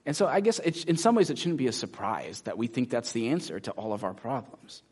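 A man preaching a sermon as pastor, animated and acting out inner voices, moving about a church stage. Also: mid-range voice, a little fast, breathy edge.

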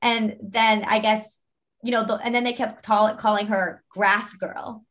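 A woman's voice: medium pitch, steady tone, unhurried, fairly bright tone. A young woman guest on an interview, telling stories casually and chattily, using "like" constantly. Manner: chatty, heavy use of "like".

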